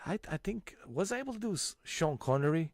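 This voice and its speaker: A man in his forties chatting casually as a channel host, animated and emphatic, restarting his sentences often. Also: fairly high pitch, brisk, no echo, clean studio sound. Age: 40s. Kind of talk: casual chat.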